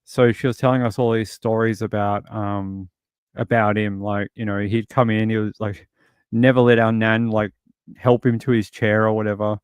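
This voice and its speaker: A man's voice: fairly low pitch, little pitch movement, moderate pace, clear, resonant tone, dry recording, studio quality. An Australian man hosting a livestream, chatting casually and rambling through stories while answering viewers. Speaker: livestream host.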